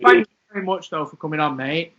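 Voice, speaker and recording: Bright high-voiced joking man. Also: lively intonation, fast talker. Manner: joking, laughs between lines. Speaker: podcast co-host. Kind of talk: casual chat. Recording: dull lo-fi recording.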